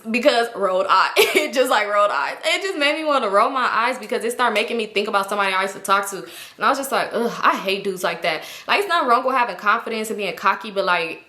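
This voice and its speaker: A young woman rattles through a storytime, quick and bright. She slips into the voices of everyone she quotes as she goes. Her voice rings around an echoey room. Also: mid-range voice. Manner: fast, animated retelling with quoted voices. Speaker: vlogger. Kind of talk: casual storytime.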